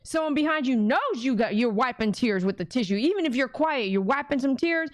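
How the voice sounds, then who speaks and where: A woman's voice: high voice, expressive, a little fast, dry recording, clean studio sound. A woman hosting a casual livestream, reading viewer comments and answering them emphatically. She talks like a preacher and keeps humming "mm-mm" between points. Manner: emphatic and preachy, with frequent "mm-mm" hums.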